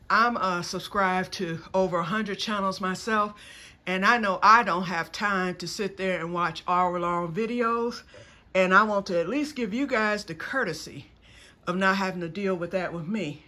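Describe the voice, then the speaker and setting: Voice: medium pitch, measured pace, pushed and bright. A vlogger in their fifties, chatting casually to camera outdoors in a wooded yard and jumping between topics. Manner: rambling, jumps between topics.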